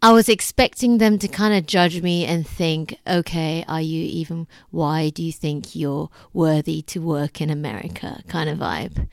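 A woman's voice: sits low, moderate pace, creaky, few pauses, darkish tone, dry recording. A young woman vlogging in a chatty, upbeat way, repeating words for emphasis. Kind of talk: casual chat.

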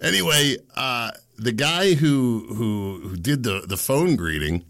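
A man hosting his own podcast, talking in a chatty, self-deprecating way with quick asides. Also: mid-range voice, lively intonation, a bit bright. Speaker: podcast host. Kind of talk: casual monologue.

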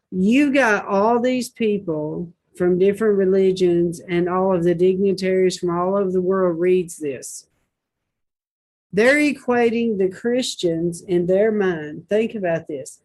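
Lady hosting a talk show, preachy and indignant, talks slow and drawn out. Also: mid-range voice, darkish tone. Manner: indignant, preachy, rhetorical questions. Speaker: Christian talk show host. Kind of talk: reading posts aloud and commenting.

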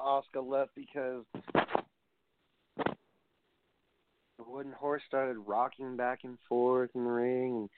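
A man's voice: medium pitch, no room sound. Guy rambling thru a wrestling recap, tinny phone-ish sound. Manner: rambling, reads results aloud and digresses. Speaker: wrestling podcast host. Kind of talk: casual solo show review.

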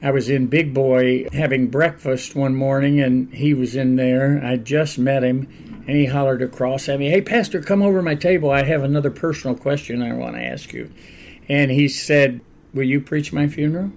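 An older man, a pastor, telling stories in a relaxed, conversational interview and laughing often along the way. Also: mid-range voice, normal speed, gravelly, a little hiss or hum. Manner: animated anecdotal storyteller, laughs often.

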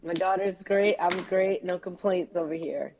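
A woman from New York, a podcast guest, chatting in a relaxed way and laughing easily. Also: lowish voice, moderate pace, slight background noise. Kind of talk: casual interview chat. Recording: muffled remote call audio.

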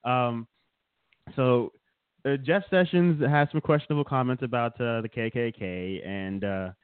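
A man's voice: mid-range voice, measured pace, clear, resonant tone, no echo. A man co-hosting a casual comedic chat show, rambling and teasing his co-host with frequent chuckles. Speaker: podcast co-host. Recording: dry, tinny phone-like sound.

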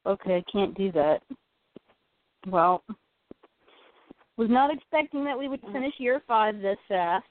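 A woman's voice: medium pitch, animated, unhurried, pauses often, no echo. A woman co-hosting a casual chat, yawning often and apologizing for being tired. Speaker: co-host of a toy collecting show. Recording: phone-like narrow audio.

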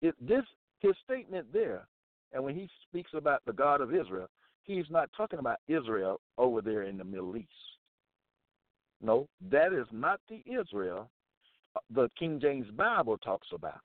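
A man preaching and reading Bible verses aloud, repeating phrases emphatically and deliberately. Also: medium pitch, big pitch swings, dry recording. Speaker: Bible teacher. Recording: dry tinny phone-like sound.

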